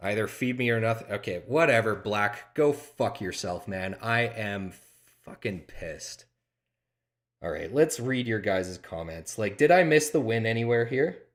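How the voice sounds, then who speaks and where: A man's voice: on the low side, expressive, normal speed, few pauses. A man streaming a board game online, reacting aloud to the play, frustrated and swearing as he talks. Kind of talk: live game commentary.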